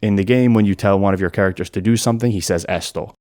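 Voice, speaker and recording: Deep-voiced guy narrating an educational vid, steady and methodical, dry close sound. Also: fast, no echo. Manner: clear, methodical explaining. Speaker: language explainer.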